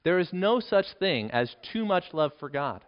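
A man delivers a sermon in an earnest, emphatic way, his voice sitting a little high for a man. He drops to a hushed tone on key points. The recording is dull and lo-fi. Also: very animated, moderate pace. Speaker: pastor.

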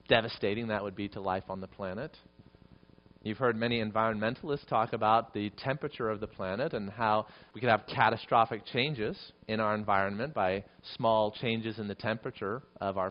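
A man preaching a sermon to his congregation, earnest, repeating key phrases and swelling louder and higher on them. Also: muffled recording. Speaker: pastor.

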